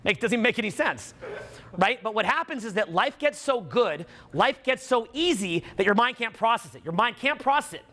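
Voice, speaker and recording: High, bright, lively man giving a seminar talk. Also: moderate pace. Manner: energetic, preachy, acts out voices, shouts for emphasis. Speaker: seminar speaker. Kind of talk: live motivational talk to a room.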